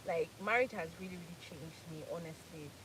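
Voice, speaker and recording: A woman's voice: lowish voice, a little fast, a bit bright, a little hiss or hum, poor audio. A Nigerian woman in her thirties from Port Harcourt, hosting a casual live chat, laughing often and repeating phrases for emphasis. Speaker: live stream host.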